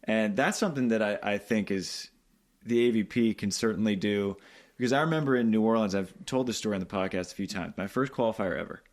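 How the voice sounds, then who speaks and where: A man hosting a podcast, chatting in a relaxed, conversational way and sharing his own stories. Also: lowish voice, fast talker. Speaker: podcast host, reporter. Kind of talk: casual conversation.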